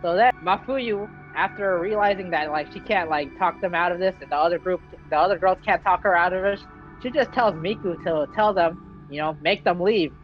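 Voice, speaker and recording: Excitable vlogger over faint music. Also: mid-range voice, normal speed, highs cut off. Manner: excitable, slangy, acts out character quotes. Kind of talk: casual game story recap.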